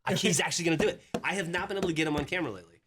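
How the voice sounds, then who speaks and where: A man's voice: a little high, very fast, noisy background. A man hosting a podcast, telling an anecdote in casual chat and acting out the back-and-forth of the people in it. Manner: animated storyteller acting out quoted exchanges. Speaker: podcast host.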